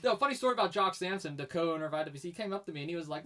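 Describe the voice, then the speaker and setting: A young man swapping stories on a casual podcast. He talks fast and animated, and his voice leaps up when he quotes people. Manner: animated storyteller, jumps high when quoting people. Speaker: podcast co-host, wrestling commentator. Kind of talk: casual chat.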